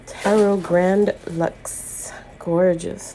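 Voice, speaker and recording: Gravelly, emotional woman unboxing gifts. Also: medium pitch, fairly even intonation, slow, background noise. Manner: emotional, gushing, near tears. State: choked up. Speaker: tarot channel host. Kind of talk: unboxing vlog.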